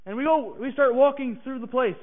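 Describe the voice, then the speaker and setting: A man preaching a personal testimony who swings from hushed, halting passages to emphatic declarations. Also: very high-pitched. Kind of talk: sermon testimony. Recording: tinny phone-like sound.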